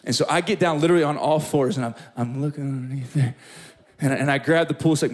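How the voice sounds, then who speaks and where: A young man preaching a sermon as pastor, telling a story with lively, acted-out moments in front of a room. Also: brisk. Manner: animated storytelling, acting out scenes with big pitch jumps. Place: church hall with live audience.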